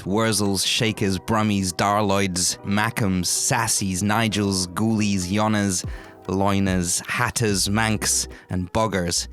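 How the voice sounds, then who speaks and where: A man's voice: on the low side, a bit bright. A man from Newcastle in northern England, chatting casually and reading scripted parts, laughing often and poking fun at himself. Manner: laughs often, self-mocking. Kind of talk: casual chat and scripted narration.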